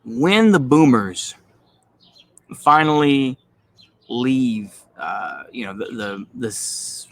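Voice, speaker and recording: Thirties Texan guy vlogging, rambling, profane and dismissive, mid-pitched voice. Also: animated, slow. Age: 30s. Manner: blunt, profane, dismissive rambling with many fillers. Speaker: political commentary vlogger. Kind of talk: casual ranting monologue.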